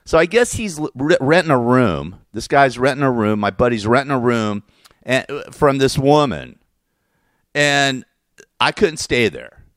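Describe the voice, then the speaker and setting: A man's voice: medium pitch, big pitch swings, measured pace, fairly bright tone, no room sound. Guy ranting about a trip, dry sound. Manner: rambling, exasperated storytelling; curses and self-corrects. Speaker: vlogger telling a personal story. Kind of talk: casual rant.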